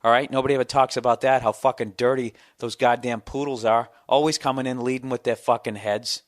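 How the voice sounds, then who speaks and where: A man in his forties riffing through a profane comic rant as a podcast host, voice sitting at an everyday middle pitch. The sound is dry and close, with no room around it. He rambles, swears and keeps circling back for emphasis. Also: fairly quick, dry recording. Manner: profane, ranting, animated storytelling. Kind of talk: casual storytelling monologue.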